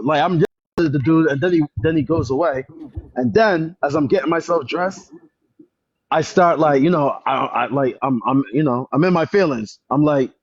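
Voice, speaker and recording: A man's voice: on the high side, husky, no echo. Agitated man venting on a lo-fi phone stream. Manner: animated, repetitive storytelling, gets loud when upset. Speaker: livestreamer. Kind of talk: casual livestream chat. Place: public library.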